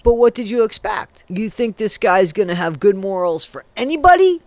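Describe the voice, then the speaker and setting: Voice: medium pitch, animated, moderate pace, hardly any pauses, darkish tone. A commentary creator angrily ranting at someone, accusing him directly and spelling out swear words letter by letter. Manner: heated, accusing, addresses the subject directly.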